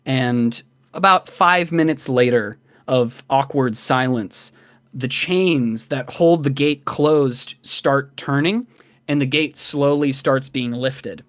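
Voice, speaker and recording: A young man narrating a tabletop game as dungeon master in an unhurried, descriptive way. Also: mid-range voice, a bit bright, no room sound.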